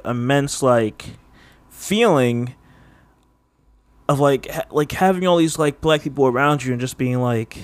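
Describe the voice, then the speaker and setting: A man's voice: medium pitch, dry recording. Guy rambling on a podcast, says like a ton, mid voice, dry close sound. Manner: rambling, heavy use of "like", laughs often. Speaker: podcast co-host. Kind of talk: casual chat.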